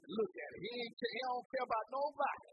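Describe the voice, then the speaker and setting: A woman preacher, delivering an animated, colloquial sermon full of call-and-response. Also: a little high, fast talker, breathy edge, dull audio.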